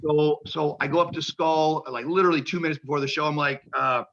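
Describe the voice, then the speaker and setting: Gravelly, bright-voiced man telling wrestling stories. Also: on the high side, brisk, few pauses, highs cut off. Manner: animated storyteller who acts out quotes and swears casually. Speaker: guest, professional wrestler. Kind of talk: casual interview storytelling.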